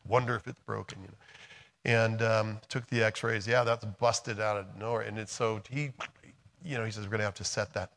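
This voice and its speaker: A middle-aged American man preaching a sermon, moving between quiet, soft passages and loud, emphatic storytelling. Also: on the low side, steady tone, moderate pace, vocal fry. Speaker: pastor.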